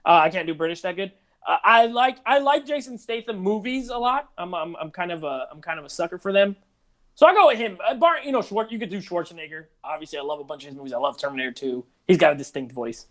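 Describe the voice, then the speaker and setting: A man's voice: high voice, lively intonation, quick pace. Man, 30s, co-host, casual chat, rambling, filler-heavy. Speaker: podcast co-host.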